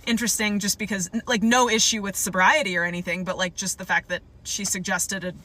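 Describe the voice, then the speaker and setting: A woman's voice: medium pitch, fairly even intonation, fast, bright, forceful tone, low-quality recording. A woman telling a dating story in a chatty, hesitant, considerate way. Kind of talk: storytime monologue.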